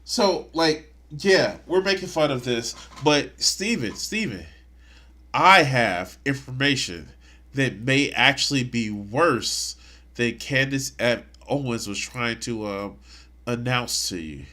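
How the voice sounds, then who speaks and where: A man's voice: medium pitch, expressive, slow pace, sharp tone. A man streaming live, commenting on clips in a mocking, crude way. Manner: mocking, crude, bursts into laughter.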